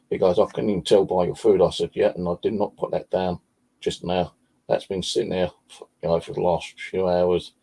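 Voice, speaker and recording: A man's voice: low voice, dark tone, husky. A man telling rambling, profane stories about his cat in a casual vlog chat. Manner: swears freely, rambling anecdotes. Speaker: vlogger. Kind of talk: casual storytelling.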